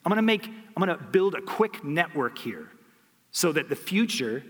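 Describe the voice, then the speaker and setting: A man's voice: on the high side, very animated, normal speed, a bit bright. A worried manager who has just lost his job talks himself through what to do next. A man acts him out in his own storytelling voice. His slightly raised tone carries a long hall echo. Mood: scheming. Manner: anxious, thinking aloud. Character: panicked freshly fired male estate manager.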